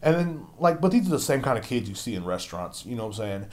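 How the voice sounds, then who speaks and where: A man's voice: very animated, fast talker. A young man hosting his own podcast, ranting with constant swearing and mocking other people in silly voices. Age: young adult. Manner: profane, ranting, mocks others in squeaky voices. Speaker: podcast host. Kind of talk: angry solo rant.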